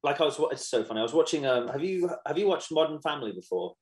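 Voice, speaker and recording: A man in his thirties, a podcast guest, chatting casually and telling animated stories with quoted asides. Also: on the high side, quick pace, rough recording. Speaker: podcast guest, musician and actor. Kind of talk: casual chat.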